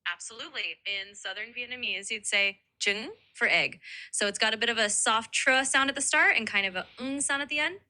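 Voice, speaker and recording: A woman's voice: fairly high pitch, a little fast, sharp tone. A synthetic woman's voice acting as an AI language tutor, upbeat and encouraging, overly nice. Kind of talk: chatbot voice assistant.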